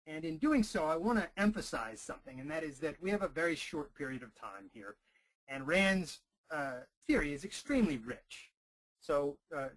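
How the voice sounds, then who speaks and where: A man's voice: mid-range voice, fairly bright tone, rough recording. A man giving an online lecture, emphatic, repeating key phrases for stress, into a computer microphone. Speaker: webinar lecturer.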